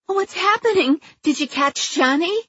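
A woman voicing a shrill, fussy woman homeowner who talks in a high, fretful way. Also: expressive, unhurried, pushed and bright, no echo, muffled recording, exaggerated voice.

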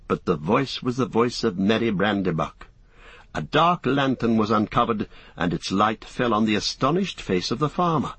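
A male audiobook narrator with a low, husky voice, reading a fantasy novel in a measured, even way. The recording is dry and close. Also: dry recording.

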